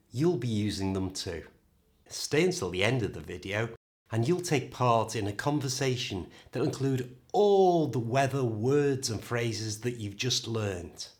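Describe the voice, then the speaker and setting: Slow-speaking British English teacher. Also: male voice, mid-range voice, a little mellow. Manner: slow, clear, modelling words for the learner. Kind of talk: pronunciation lesson.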